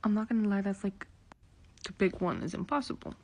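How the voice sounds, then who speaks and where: A woman's voice: medium pitch, fairly quick, noisy background. A woman from Anatolia telling a casual story about college life. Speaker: TikTok storyteller.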